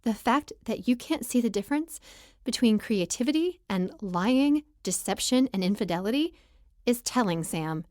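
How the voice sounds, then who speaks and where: A woman narrating a first-person romance audiobook in an emotional, expressive reading. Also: fairly high pitch, normal speed, no room sound, studio quality.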